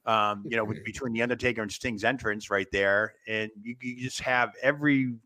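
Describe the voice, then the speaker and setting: A man with a bright, forceful voice hosts a loose wrestling talk show. He rambles, laughs easily and trails off with fillers while he thinks aloud. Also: on the low side, fairly even intonation, fairly quick. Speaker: podcast host. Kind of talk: casual wrestling chat.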